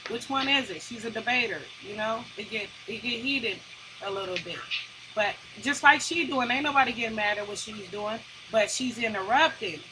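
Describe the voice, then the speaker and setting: A woman's voice: a little high, normal speed. Sarcastic woman co-host, noisy background. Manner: sarcastic, animated. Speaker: co-host reacting to a debate. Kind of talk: casual commentary.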